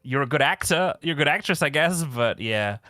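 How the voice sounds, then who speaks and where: A man's voice: fairly high pitch, lively intonation, a little fast, sharp tone, no room sound. A young man chatting casually and rambling, swearing and laughing often as he talks. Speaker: streamer. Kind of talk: casual chat.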